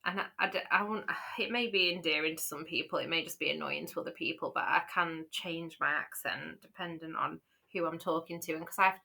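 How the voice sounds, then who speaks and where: A podcast co-host from Yorkshire, with a light accent, chats casually and rambles, full of fillers and restarts. Her deep, gravelly voice sounds pushed and bright, and she speaks a little fast with hardly any pauses.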